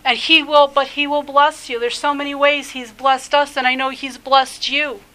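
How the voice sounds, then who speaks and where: A woman's voice: high voice, little pitch movement, normal speed, pushed and bright, low-quality recording. A woman rabbi preaching a sermon, fervent and exhorting, often restarting her sentences. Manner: fervent, exhorting, with many restarts and filler phrases. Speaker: rabbi preaching a podcast teaching.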